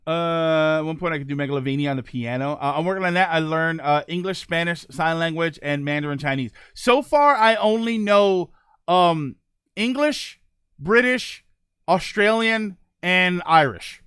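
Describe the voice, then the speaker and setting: A man's voice: on the high side, moderate pace, a bit bright, clear, resonant tone, no echo, studio quality. A man hosting a live stream, chatting casually with his viewers and reading their comments aloud, with a rambling, self-correcting way of talking. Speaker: livestream host.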